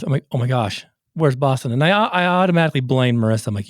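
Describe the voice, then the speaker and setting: A middle-aged man hosting a casual podcast interview, an animated storyteller who acts out the voices in his anecdotes. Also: medium pitch, quick pace, few pauses, dry recording, studio quality. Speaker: podcast host and recovery coach.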